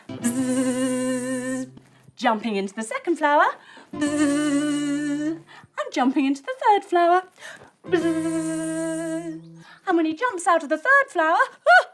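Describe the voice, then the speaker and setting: A woman leading a children's yoga lesson as a story, playful and encouraging. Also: high voice. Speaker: kids' yoga teacher.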